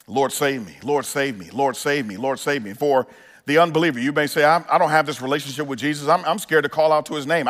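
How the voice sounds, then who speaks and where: A man's voice: fairly high pitch, fairly bright tone. A male pastor preaching a sermon in an earnest style, building to emphatic peaks and often restarting his phrases.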